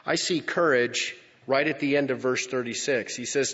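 Man preaching, husky voice, dramatic swings from loud to hushed, slow emphatic phrasing, long hall reverb, dull lo-fi sound. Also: medium pitch, lively intonation. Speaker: pastor. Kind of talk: sermon.

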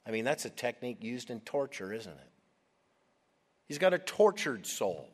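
A man preaching a sermon, dramatic, dropping to a hush and then rising loud. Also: medium pitch, sing-song, normal speed. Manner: dramatic, swings from hushed to loud. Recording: long hall reverb.

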